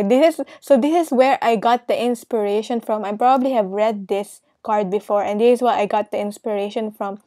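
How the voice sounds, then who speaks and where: A woman gives a casual tarot reading, speaking straight to the viewer, laughing a lot, offering reassuring "okay?"s and becoming emotional almost to tears. Her medium-pitched voice is unhurried and darkish, and the recording is dry.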